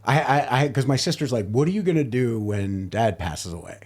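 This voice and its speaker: A man's voice: medium pitch, lively intonation, a little fast, a little mellow, breathy edge. A man in his thirties, a stand-up comedian, talking casually on a podcast, rambling with lots of fillers and restarts. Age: 30s.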